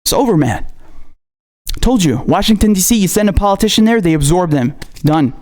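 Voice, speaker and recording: A man's voice: high-pitched, animated, a little fast, a little mellow. A male political commentator ranting angrily, swearing often and firing off rhetorical questions. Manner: angry, profane, hammering rhetorical questions.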